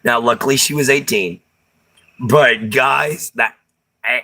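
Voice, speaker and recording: A man's voice: mid-range voice, slow pace, pushed and bright. Chatty Texan man hosting a stream. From Texas. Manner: chatty and easygoing, laughs often, uses Southern slang. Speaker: livestream host. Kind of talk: casual chat reading viewer comments.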